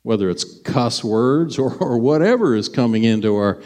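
A middle-aged male pastor delivers a chatty, conversational sermon full of stories from the pulpit. His darkish, animated voice sits at an ordinary pitch and a normal speed, now and then leaping up in sudden bursts of emphasis, while a long church reverb trails each phrase.

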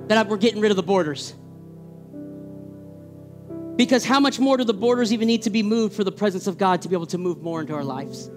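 A middle-aged male pastor delivers a sermon in a notably high voice, energetic and fervent, stumbling over and repeating words as he pushes toward emphatic peaks. Faint guitar music plays quietly underneath. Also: fast talker, pauses often.

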